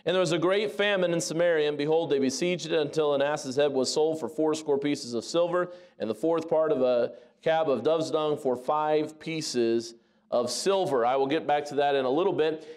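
Male preacher, higher voice, lively storytelling sermon. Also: moderate pace. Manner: animated storytelling, then soft prayer.

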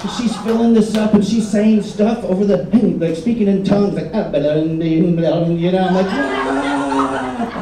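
A man's voice: high voice, fairly quick, few pauses, background noise. A man from Michigan performing a stand-up comedy set, telling stories and acting out the people in them. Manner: animated storytelling, acts out voices. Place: resort comedy stage. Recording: roomy live stage audio, heard from a distance. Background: audience laughter.

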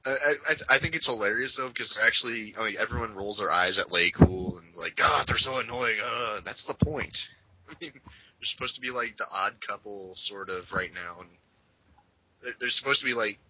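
A man's voice: on the low side, moderate pace, slight background noise. A man co-hosting a casual wrestling podcast, enthusiastic, swearing freely and acting out quotes, on dull lo-fi audio. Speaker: podcast co-host.

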